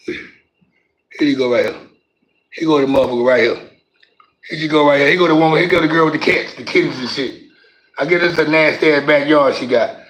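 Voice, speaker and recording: A man's voice: on the high side, fairly bright tone, rough recording. A man hosting a casual livestream, joking and trash-talking viewers in the chat with heavy cursing. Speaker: livestream host.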